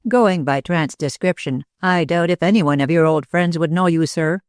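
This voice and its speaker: An earnest young man, blunt and plain-spoken in an audiobook, as a woman narrator reads him. The voice stays low and even, recorded close and dry with no room around it. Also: normal speed, no echo, natural voice. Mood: puzzled.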